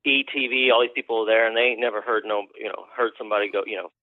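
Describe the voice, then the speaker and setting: A man's voice: fairly low pitch, fairly even intonation, racing, no room sound. A man, a country musician guest, telling rambling, profane stories in a casual interview. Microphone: phone call. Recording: tinny phone line, dry.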